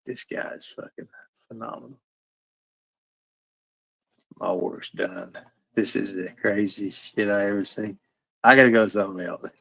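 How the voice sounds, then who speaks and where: Gravelly, profane middle-aged man streaming. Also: on the low side, fairly even intonation, measured pace, long pauses, a bit bright, no room sound. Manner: laughing often, profane, rambling. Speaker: streamer reacting to a video. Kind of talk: casual reaction commentary. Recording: dull, dry sound.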